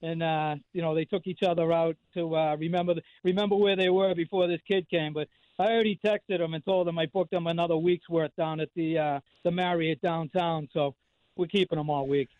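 A man's voice: a little high, fairly even intonation, brisk, dry recording, phone-quality sound. A man in his fifties with a Boston accent, calling in to a radio show and rambling through stories with lots of fillers and restarts. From Boston area. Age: 50s. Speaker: regular call-in guest. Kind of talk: casual radio chat.

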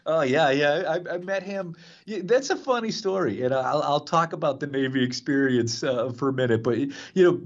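A man's voice: fairly high pitch, expressive, normal speed, dull audio. A man in his fifties, from Boston, hosting a radio show and telling rambling stories with many fillers. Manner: rambling, chatty, frequent fillers. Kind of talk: casual radio storytelling.

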